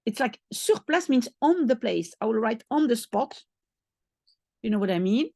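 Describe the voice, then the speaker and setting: A Belgian woman with a Dutch first language teaches French to a beginner, speaking slowly and patiently and repeating each phrase. Her voice sits fairly high and swings widely in pitch. The sound is close and dry, with no room in it. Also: lively intonation, warm tone, dry recording.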